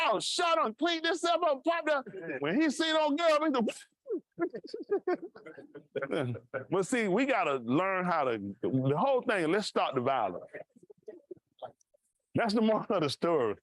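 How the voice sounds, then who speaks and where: Animated man telling stories in a sermon. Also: high voice, dry recording. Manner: animated, acts out voices in his stories. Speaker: pastor. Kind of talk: casual storytelling sermon.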